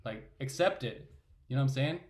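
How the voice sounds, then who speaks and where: A man's voice: medium pitch, fairly quick, a little mellow. A man, a father, talking bluntly and casually with plenty of slang as a panel guest. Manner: blunt, slangy, "bro", "you know what I'm saying".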